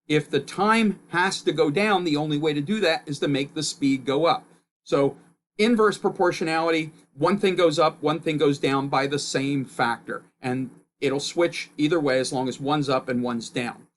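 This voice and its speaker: A man teaching a recorded physics course in a loud, emphatic explaining voice, his pitch jumping up on key points. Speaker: physics instructor.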